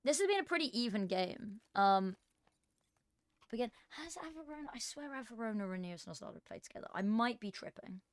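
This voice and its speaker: Woman esports caster, chatty storyteller, slightly high voice, dry close headset. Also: lively intonation, brisk, no room sound. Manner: chatty, self-deprecating, storytelling. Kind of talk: casual co-caster chat.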